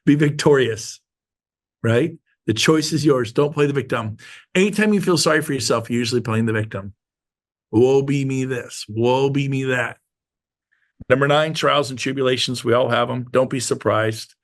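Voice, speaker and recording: A man leading a real estate team meeting with a motivational talk, emphatic and repetitive, slowing down to stress his points to a live audience. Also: medium pitch, a bit bright.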